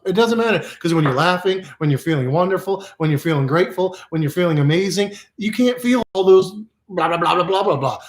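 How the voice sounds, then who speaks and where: Rambling playful man, slightly high voice. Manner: rambling, playful, repeats phrases, drops to a hush for meditation. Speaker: self-help speaker. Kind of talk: casual motivational monologue.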